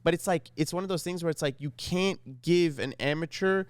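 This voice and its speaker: A young man chatting on a podcast, racing through his stories and acting out what people said to him. His voice is smooth and clear, and the sound is close and dry, with no room around it. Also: fairly high pitch, brisk, no echo. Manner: rambling, animated storytelling with quoted asides. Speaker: podcast co-host. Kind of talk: casual podcast chat.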